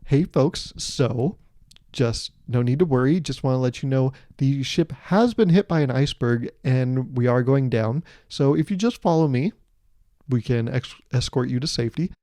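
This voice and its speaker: Man playing a cheery ship crewman, corporate customer-service talk, mellow voice, dry close sound. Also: mid-range voice, animated, normal speed, no echo, close to an everyday voice. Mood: chipper. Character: overly polite male cruise ship staffer.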